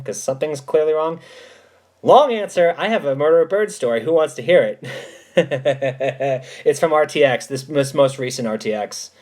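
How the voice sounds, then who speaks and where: A man chats on a home livestream, telling stories and answering viewers. His voice sits a little high and swings widely in pitch. He talks emphatically and swears freely. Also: darkish tone. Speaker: livestream host answering chat. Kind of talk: casual chat and storytelling.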